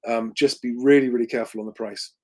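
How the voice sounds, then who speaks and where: A man's voice: mid-range voice, steady tone, quick pace, mellow. A man hosting a livestream Q&A, talking conversationally with lots of ums and restarts. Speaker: host.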